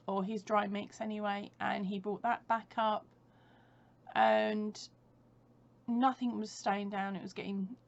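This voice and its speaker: A woman's voice: mid-range voice, gravelly. Chatty woman, muffled home recording. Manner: chatty, rambling, laughs often, corrects herself. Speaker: crochet vlogger. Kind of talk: casual chat.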